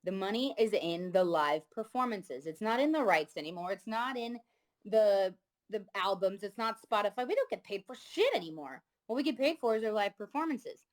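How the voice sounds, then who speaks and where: A woman in her thirties hosting a casual talk, candid and animated, telling stories and swearing freely. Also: medium pitch, normal speed. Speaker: podcast host. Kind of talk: casual chat.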